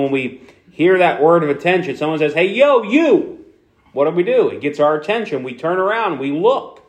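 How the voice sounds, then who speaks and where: A man with a Philadelphia accent preaching a sermon to his congregation, conversational, with many fillers and restarts. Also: fairly high pitch. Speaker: pastor.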